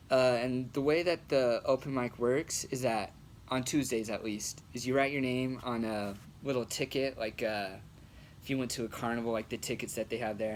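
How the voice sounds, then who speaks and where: A man's voice: medium pitch, a little hiss or hum. Laid-back young guy telling a story. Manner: laid-back, slangy, swears freely. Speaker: amateur stand-up comic. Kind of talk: casual storytelling.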